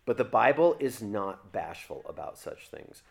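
A man's voice: lowish voice, sing-song, unhurried, vocal fry. Man teaching a church seminar. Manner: conversational, asks the class questions. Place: church classroom.

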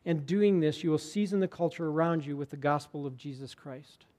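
A man preaching a sermon as pastor, earnest and conversational, sometimes dropping to a hushed tone for emphasis. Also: on the high side, fairly quick.

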